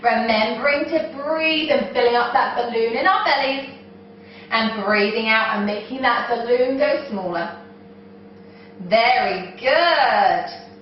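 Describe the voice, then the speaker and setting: A woman's voice: fairly high pitch, lively intonation, slow, far from the mic, slight background noise. A young woman leading a children's yoga class, playful and encouraging, making animal noises as she goes. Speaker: kids' yoga teacher. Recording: echoey room, mic set back, dull sound.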